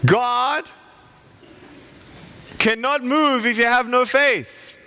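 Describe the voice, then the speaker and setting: A man, giving an animated, playful motivational sermon to a college chapel crowd. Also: very high voice, extremely slow, a little hiss or hum. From Australia. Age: 30s. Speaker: guest chapel speaker. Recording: echoey hall.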